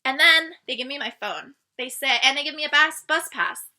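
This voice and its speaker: A woman vlogger tells a personal story straight to her viewers in a casual, animated way. Her voice is very bright and sits a little high, and she acts out each line of dialogue as she goes. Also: brisk.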